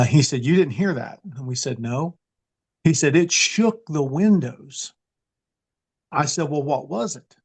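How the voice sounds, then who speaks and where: A man, an interview guest earnestly telling a personal story with frequent restarts and fillers. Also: medium pitch. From eastern Kentucky.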